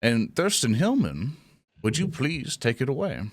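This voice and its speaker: A man hosting a tabletop game podcast, opening the episode in a playful, animated way before handing over to the game master. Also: mid-range voice, no echo, studio quality. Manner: playful, animated, drawn-out delivery. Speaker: host. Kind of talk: casual podcast intro.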